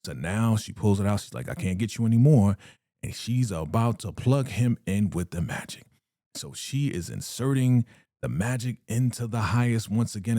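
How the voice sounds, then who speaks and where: A man recapping a TV episode in a casual, animated storytelling way. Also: lowish voice, dry recording, studio quality. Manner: animated storytelling, acts out the quotes. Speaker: TV recap vlogger.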